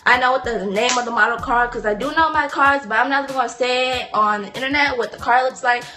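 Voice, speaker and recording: A teenage girl telling a storytime vlog in a chatty, animated way, with indignant asides. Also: sits high. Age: teens. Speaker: vlogger.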